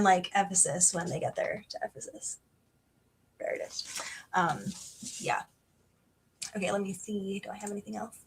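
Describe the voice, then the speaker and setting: A young woman hosting a casual book club livestream, chatty and excitable with lots of fillers. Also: mid-range voice, a little hiss or hum. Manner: chatty and excitable, many fillers, reads passages aloud.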